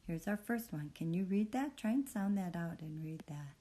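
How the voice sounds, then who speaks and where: A woman teaching a phonics reading lesson, patiently sounding out words and praising the learner in a soft, encouraging way. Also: on the low side, expressive, normal speed.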